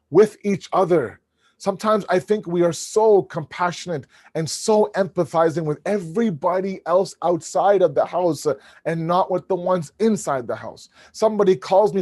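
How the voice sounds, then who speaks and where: Lively middle-aged male lecturer, dry sound. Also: high voice, dry recording. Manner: lively, acts out little scenes in different voices; quick restarts and repeated words. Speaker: religious lecturer. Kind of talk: sermon-style lecture.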